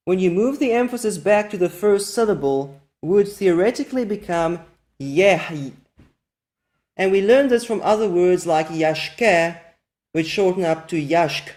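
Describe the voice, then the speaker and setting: A teacher giving a methodical recorded lesson, slowing down to spell out each example word carefully. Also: mid-range voice, darkish tone.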